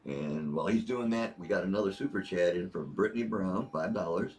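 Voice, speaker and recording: Deep-voiced older man chatting casually. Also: fairly quick, hardly any pauses, darkish tone. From Northeast Ohio. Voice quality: deep bass voice. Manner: rambling, easygoing storyteller. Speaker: guest on a livestream reading viewer messages. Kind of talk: casual livestream chat.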